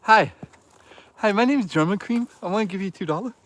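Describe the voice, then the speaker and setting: A man's voice: sits high, brisk, a bit bright, no echo, voice pushed up. A man voicing a goofy, eager male chat donor who cheerfully introduces himself.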